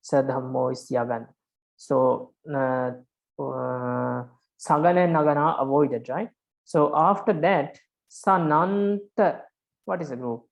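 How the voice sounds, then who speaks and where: Woman, low pitch, online lesson, checks in often, counts syllables aloud. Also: fairly even intonation, unhurried, creaky, darkish tone. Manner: patient, repeats key words, checks with "right?"; sounds out verse syllable by syllable. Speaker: Pali prosody teacher.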